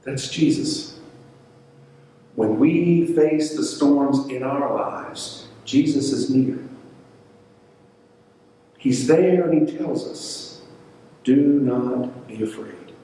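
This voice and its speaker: A man's voice: mid-range voice, extremely slow, long pauses, dark tone, a little hiss or hum. A male pastor preaching a sermon, telling stories and acting out the voices in them. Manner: storytelling, acts out quoted voices. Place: church sanctuary. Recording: echoey church hall, mic at a distance.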